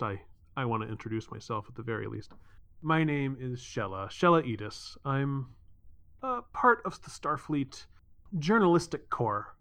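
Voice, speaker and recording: An eager male hologram journalist, acted by a man in a tabletop game. He chatters on in a bright, clear voice and stumbles through quick restarts. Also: medium pitch.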